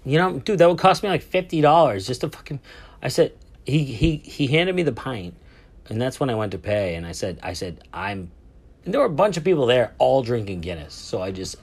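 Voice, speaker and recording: A man's voice: medium pitch, sing-song, fairly quick, husky. A man in his thirties casually telling a travel story, rambling and swearing, with lots of fillers and restarts.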